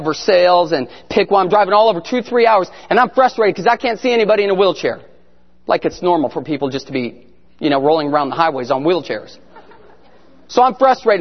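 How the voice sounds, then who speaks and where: A man giving an animated testimony sermon as a guest speaker, telling his story and sometimes shouting prayers. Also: high-pitched. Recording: echoey hall, muffled sound.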